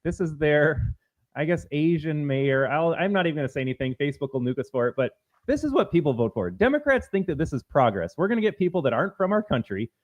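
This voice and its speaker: A man's voice: a little high, sing-song, quick pace. A man co-hosting a political talk stream, blunt and opinionated, ranting at length to his audience. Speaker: podcast co-host. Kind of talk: political talk show banter.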